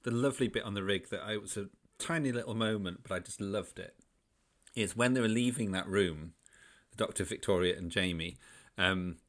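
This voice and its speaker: A man co-hosting a podcast in casual chat, enthusiastic, chatty and quick to laugh. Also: fairly low pitch, a bit bright. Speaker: podcast co-host.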